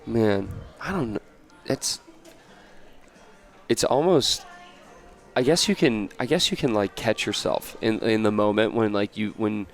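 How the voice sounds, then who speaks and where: Male guest, from the US, lowish voice, loose and meandering delivery. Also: unhurried, pauses often. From United States. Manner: rambling, many fillers and restarts. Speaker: podcast guest, entrepreneur. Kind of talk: casual interview chat.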